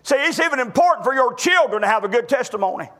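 A middle-aged preacher man delivers a folksy sermon in a very high, bright, keen voice. He often stumbles and restarts his phrases as he tells his stories. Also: animated, fast. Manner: folksy storytelling with repeated restarts.

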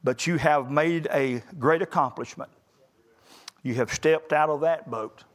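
A middle-aged man preaching a sermon to young graduates, building to loud emphatic peaks in a folksy way. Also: a little high, measured pace. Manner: rising to loud emphatic peaks, southern colloquial phrasing.

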